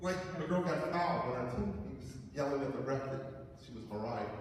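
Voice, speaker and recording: A man giving a humorous storytelling talk as a chapel speaker, animated and breaking into loud acted-out voices. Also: medium pitch, a little fast. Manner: animated, acts out voices loudly. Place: large school gym or hall. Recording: echoey hall, distant mic, noisy.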